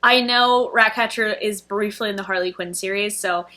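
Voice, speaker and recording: A woman's voice: mid-range voice, moderate pace, bright, forceful tone. A young adult woman reviewing a film in casual chat, gushing and emotional, with many fillers.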